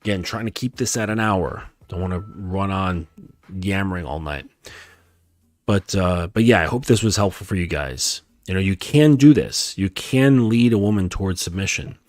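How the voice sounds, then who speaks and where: A male dating coach giving a calm, emphatic coaching talk, repeating his points and often checking in with "okay?". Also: fairly low pitch, normal speed, no room sound. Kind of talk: lecture-style coaching talk.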